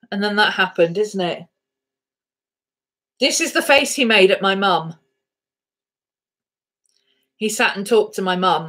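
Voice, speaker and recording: This woman's medium-pitched voice has a fairly bright tone as she chats on a home vlog. She lovingly shares a story about her rescue dogs, talking baby-talk to them, all indoors at home.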